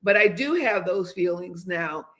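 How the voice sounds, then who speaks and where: A woman's voice: on the low side, animated, unhurried, a bit bright. A woman in her seventies, hosting a casual livestream chat, rambling along with many restarts and hesitations. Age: 70s. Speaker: host.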